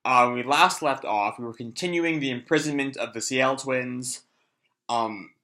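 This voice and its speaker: A man rambles through a casual reaction to a comic chapter, filling his talk with fillers and offhand swearing. His voice is bright and forceful and sits at a middle pitch. A stuffy nose makes him cough now and then. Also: moderate pace. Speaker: channel host reacting to a manga chapter.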